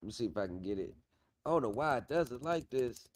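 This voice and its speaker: Man, mid-pitch, casual livestream host, confident and repetitive, streaming mic. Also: lively intonation, fast. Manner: confident, repetitive, drifts off while working the screen. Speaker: livestream host on pro se legal help.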